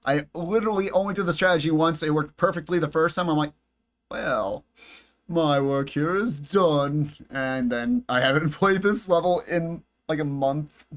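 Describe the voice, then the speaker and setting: A man with a fairly high, fairly bright voice talks quickly and rarely pauses while casually commentating his live game stream into a headset at home. He's chatty and jokey, addressing both his chat and himself, in a room with bright lights and air conditioning running.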